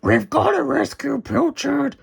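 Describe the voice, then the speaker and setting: Guy voicing a shouty little digger truck, bossy and eager, storybook style. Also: very high voice, lively intonation, measured pace, creaky, pitched above the performer's own voice, full character voice. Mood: alarmed. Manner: roaring, pushy.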